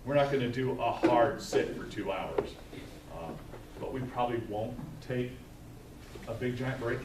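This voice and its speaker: A man's voice: medium pitch, unhurried. Man giving a staff training in an echoey room. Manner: conversational, storytelling, tags points with "right?". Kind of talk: live training presentation. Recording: echoey room, mic far off, faint noise.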